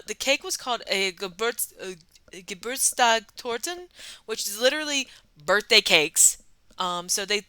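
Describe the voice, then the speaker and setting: A woman's voice: medium pitch, pushed and bright, dry recording. A woman hosting a soda review vlog, telling a casual history with wry asides and frequent ums and uhs.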